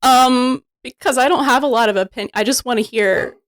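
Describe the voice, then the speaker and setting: A woman's voice: on the high side, a little fast. A woman producer joining a podcast chat, easygoing and laughing mid-sentence. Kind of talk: casual chat.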